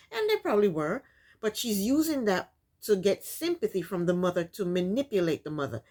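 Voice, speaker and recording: A woman's voice: medium pitch, sing-song, normal speed, a little mellow. A woman casually recapping a reality TV episode, opinionated and repetitive, with frequent ums. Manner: opinionated, many ums, repeats points.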